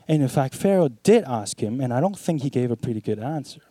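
Animated male preacher, mellow dry voice. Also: mid-range voice, brisk, hardly any pauses, dry recording. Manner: animated, swings from hushed to emphatic. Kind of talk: sermon.

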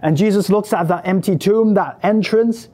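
A man leads a guided imaginative meditation, speaking straight to the listener in the second person. His voice is mellow and a little high, and it swells with emotion as the story builds. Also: normal speed. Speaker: prayer leader.

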